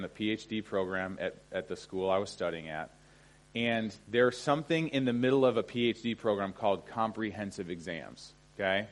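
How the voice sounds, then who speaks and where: A middle-aged man preaching a sermon in a conversational way, often checking in with his listeners. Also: low voice. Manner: conversational, often asks "okay?". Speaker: pastor.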